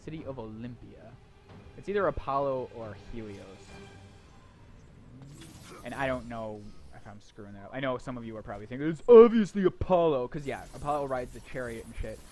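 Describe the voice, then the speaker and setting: A man's voice: mid-range voice, fairly quick, soft background music. A young man giving casual let's play commentary, sarcastic and irreverent, swearing freely. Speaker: gameplay commentator.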